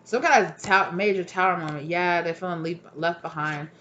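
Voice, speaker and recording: A woman's voice: on the low side, normal speed, a bit bright, slight background noise. A tired woman giving a casual, chatty tarot reading, often checking in with "right?". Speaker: tarot reader.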